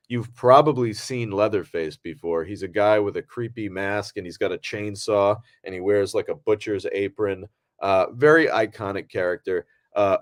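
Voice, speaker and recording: A man's voice: on the low side, no echo, studio quality. A man co-hosting a podcast, talking casually in a rambling way with many fillers and restarts. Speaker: podcast co-host.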